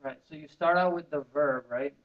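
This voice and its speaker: In a muffled, lo-fi recording, an Arabic teacher with a fairly high voice runs a classroom lesson at a moderate pace. He drills his students through call and response.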